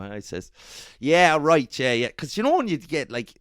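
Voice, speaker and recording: A young Irish man co-hosting a podcast, telling a profane, animated story full of quick impressions of other people. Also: on the high side, no room sound. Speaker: podcast co-host. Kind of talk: casual storytelling chat.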